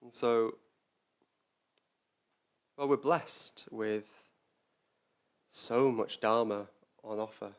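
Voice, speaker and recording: A man with a lowish voice gives a Dharma talk as a Buddhist teacher, speaking reflectively and often repeating words as he searches for them.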